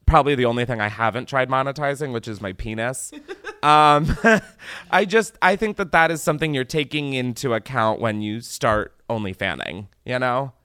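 A young man hosts a call-in advice podcast, a casual comedic chat where he's blunt, self-mocking, swears freely and drops into exaggerated mock voices. His mid-range voice has a sharp, clean tone at a moderate pace, with no room sound.

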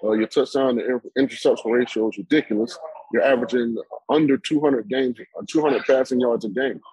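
A man's voice: medium pitch, fairly even intonation, brisk, a little mellow, slightly rough, no echo, low-quality recording. A man giving opinionated football analysis on a sports talk show, rambling with many fillers and restarts.

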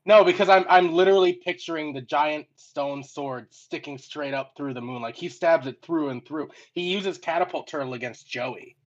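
A man as a podcast guest in casual chat, insistent and quick to correct details. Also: a little high, dull audio.

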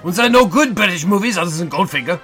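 A man putting on a pompous older German actor with a German accent, loud, indignant and repeating himself. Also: sits high, expressive, very fast, faint music behind. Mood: haughty. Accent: German, put on.

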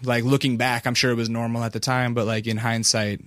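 A man hosting a casual interview, relaxed and quick to swear, often stammering as he restarts a thought. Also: medium pitch, no echo. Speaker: podcast host.

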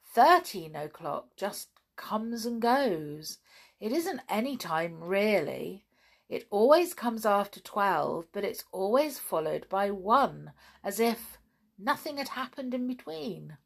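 A woman voicing a knowing little pixie who explains things gently and matter-of-factly. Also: medium pitch, big pitch swings, slow, creaky, exaggerated voice. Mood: explaining.

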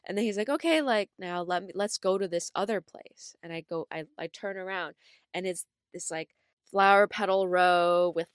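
A young woman co-hosting a podcast, telling a story in a casual, animated way with lots of filler words and laughter. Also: fairly low pitch, clean tone, no room sound, studio quality. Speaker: podcast co-host.

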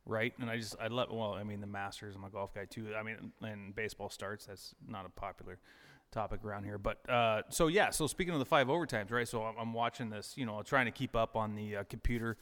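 A man's voice: fairly low pitch, brisk, fairly bright tone. A man in a casual podcast chat, talking in an easygoing, rambling way.

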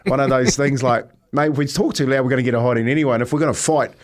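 A man's voice: medium pitch, steady tone, very fast. A New Zealand man in his fifties, a radio co-host, talking in a reflective, storytelling way and often saying mate. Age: 50s. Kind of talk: casual radio chat. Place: radio studio.

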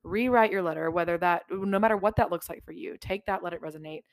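A woman's voice: lowish voice, fast talker, no echo. A woman hosting a podcast in casual heartfelt chat, earnest, swearing freely and repeating herself for emphasis. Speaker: podcast host.

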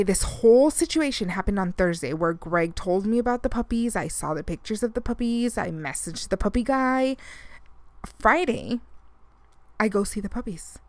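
A woman's voice: medium pitch, no echo. A woman podcast host who is also a mother, telling a story in casual chat, with lots of fillers and frequent laughs. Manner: chatty storytelling, many fillers, laughs often.

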